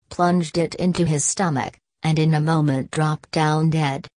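Rich: a woman with a low voice narrating a bedtime audiobook, slow and soothing. The recording is dry and close. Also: a little mellow, dry recording.

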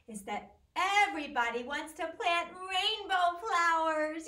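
A woman leading a sing-along music class for small children, with an animated, sing-song manner and playful animal sounds. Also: very high voice, measured pace, hardly any pauses, roomy sound.

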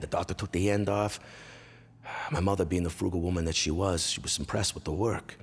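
A Canadian man in his forties, a comedian hosting his own show, telling a crude, animated life story and breaking into loud impressions and yells. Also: low voice, fast, breathy edge. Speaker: comedian host.

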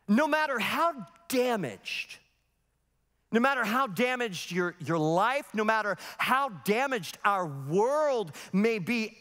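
A man's voice: very high voice, in a large hall. A man in his forties preaching a sermon as pastor, telling stories animatedly and acting out the voices in them. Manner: animated storytelling with voices and laughs. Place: large church sanctuary.

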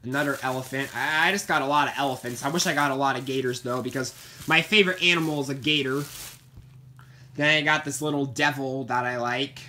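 A man with a bright, forward voice talks loosely through his stuffed toy collection. He rambles and circles back to the same points. The delivery is an unscripted show-and-tell vlog. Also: mid-range voice, a little fast, slight background noise. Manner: chatty, meandering, repeats himself. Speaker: vlogger showing his plush collection.

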